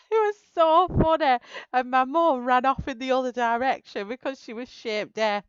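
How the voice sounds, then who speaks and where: Woman streamer, casual chat, slow and giggly, clear smooth voice, a bit dull lo-fi sound. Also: sits high, dry recording. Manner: giggly storytelling, laughing through her words. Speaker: live-stream colouring host.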